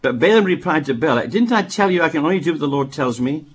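Man, husky voice, fairly high, lively pitch, reads Bible passages, wry asides. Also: fast talker. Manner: reads scripture aloud, breaks off for wry asides. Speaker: Bible teacher. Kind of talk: Bible reading with commentary.

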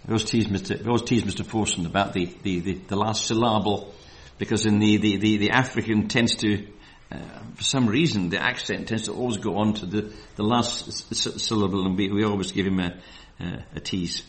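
A man leads a Bible study sermon, reading verses slowly and with emphasis before wandering into loose asides full of fillers. His pitch is fairly low and his intonation fairly even.

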